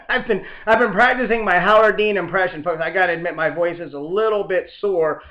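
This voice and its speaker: A man's voice: high voice, fairly quick, muffled recording. A man hosting a political comedy show, reading the news with a sarcastic, mock-outraged tone. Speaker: podcast host. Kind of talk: satirical political commentary.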